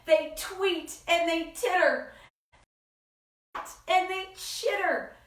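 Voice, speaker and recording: A woman hosting a children's story time, reading picture books aloud in an expressive sing-song way with gasps and acted voices. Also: on the high side. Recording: echoey room, from far off.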